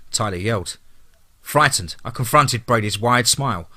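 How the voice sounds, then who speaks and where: A man's voice: medium pitch, animated, moderate pace, bright, forceful tone. A man narrating a scripted horror story in a dramatic, grim way.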